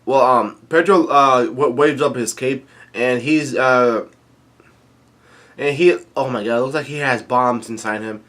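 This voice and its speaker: A man's voice: medium pitch, unhurried, a bit bright. A man casually reading through a comic chapter and commenting, with many fillers and restarts. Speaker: manga chapter reader.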